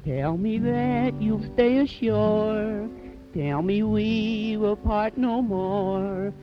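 A pleading young maiden, unhurried delivery, lo-fi vintage record with band. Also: female voice, medium pitch, over music. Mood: whiny. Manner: whiny, pleading, sung. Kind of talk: comic sung ballad. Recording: lo-fi old record with band backing.

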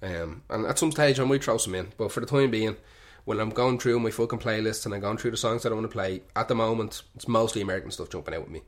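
A man's voice: lowish voice, quick pace, few pauses. A young Irish man hosting a radio show, rambling casually, joking irreverently and swearing freely.

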